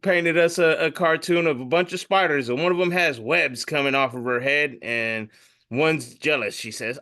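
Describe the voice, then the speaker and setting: A man co-hosting a podcast, chatting casually as he describes memes aloud and puts on quick voices for the characters. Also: a little high, sharp tone. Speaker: podcast co-host.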